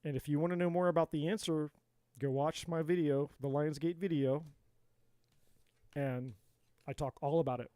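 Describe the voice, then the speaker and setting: A man's voice: a little high, fairly even intonation, normal speed, pauses often, warm tone, clean tone, no room sound. A man giving a live-stream tarot reading in an emphatic, repetitive, motivational way. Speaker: tarot reader.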